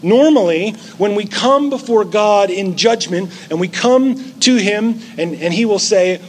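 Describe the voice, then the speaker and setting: A man's voice: high-pitched, animated, measured pace, hardly any pauses, a little hiss or hum. A middle-aged male pastor giving a sermon in a conversational way, with playful asides mixed into the teaching.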